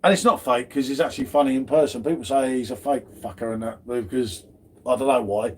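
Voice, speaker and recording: A man's voice: medium pitch, steady tone, a little fast, darkish tone, breathy edge. A man hosting a casual live beer stream from home, bantering, swearing and greeting viewers in chat. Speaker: beer channel host.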